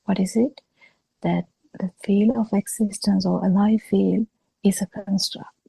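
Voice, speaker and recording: A woman gives a slow dharma talk over a video call, pausing often between phrases. Her voice is very dark, gravelly and somewhat husky, and the sound is dry and close. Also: medium pitch, fairly even intonation, no echo, low-quality recording. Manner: slow, halting explanation with frequent pauses. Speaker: Buddhist teacher.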